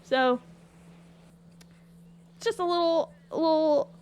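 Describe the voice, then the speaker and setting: A woman telling a story in casual chat, animated and exasperated, swearing often. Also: high voice, slow. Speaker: streamer recounting a roleplay.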